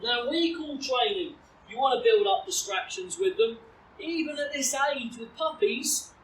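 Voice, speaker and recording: A woman teaching puppy recall outdoors, explaining calmly and switching to high, bright praise when she calls the dog. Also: a little slow. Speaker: dog trainer. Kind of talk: outdoor training demonstration. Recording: roomy, distant, faint ambient noise.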